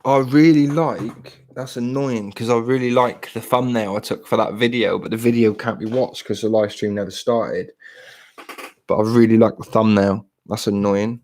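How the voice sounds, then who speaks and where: A man's voice: lowish voice, fairly even intonation, normal speed, darkish tone. A British man in his late thirties to forties, chatting casually and ramblingly to his live stream viewers, self-deprecating. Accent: British English.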